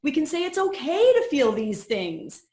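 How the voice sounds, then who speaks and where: A woman's voice: sits high, big pitch swings, normal speed, warm tone. A woman coach leading a personal growth course, sharing her own story in an earnest, reflective teaching talk. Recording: roomy echo.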